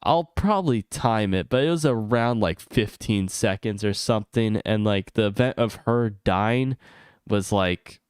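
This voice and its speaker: Smooth-voiced man ranting, exasperated. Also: a little slow, no echo, studio quality. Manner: exasperated, swearing rant that climbs high when heated. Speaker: gaming streamer. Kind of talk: unscripted ranting stream commentary.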